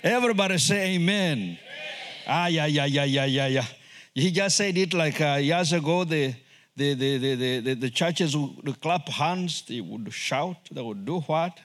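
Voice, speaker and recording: Animated preacher man with lively, swooping pitch. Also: moderate pace. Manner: animated, repeats words, acts out quoted voices. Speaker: guest preacher, missionary. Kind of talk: lively sermon.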